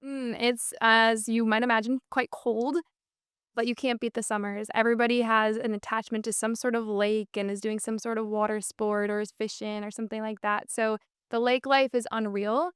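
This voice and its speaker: A woman's voice: fairly high pitch, level tone, normal speed, clean tone, dry recording, clean studio sound. A woman with a Minnesota accent, a podcast guest telling her story in an upbeat, fluent way with frequent "um" and "and so.". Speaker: podcast guest, business co-founder. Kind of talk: casual interview conversation.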